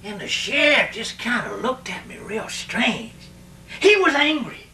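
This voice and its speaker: Animated man telling a western tale. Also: extremely high pitch, measured pace. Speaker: storyteller. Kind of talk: first-person western tale. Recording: echoey room, distant mic, faint hum.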